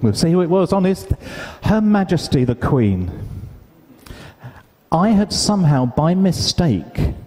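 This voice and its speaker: A man from the UK giving a conference talk, an animated storyteller who acts out the dialogue in his anecdotes. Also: a little high, a little slow. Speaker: conference speaker. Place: large conference hall. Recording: hall reverb, live stage sound.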